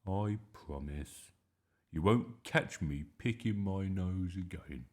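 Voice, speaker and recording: A man's voice: mid-range voice, big pitch swings, measured pace, creaky, a little mellow, voice pushed up. A man voicing a mischievous, stubborn six-year-old boy in a read-aloud storybook, indignant and protesting.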